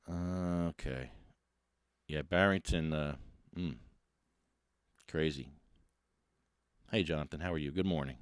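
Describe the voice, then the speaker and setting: Rambling low-voiced male podcast host. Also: no echo, clean studio sound. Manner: rambling, self-deprecating, with frequent restarts. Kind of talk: casual solo podcast talk.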